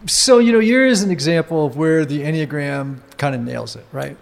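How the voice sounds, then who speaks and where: Gravelly man explaining like a teacher. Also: fairly high pitch, moderate pace, long reverb tail. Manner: teacherly, asks rhetorical questions. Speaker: podcast co-host. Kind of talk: explanatory podcast talk.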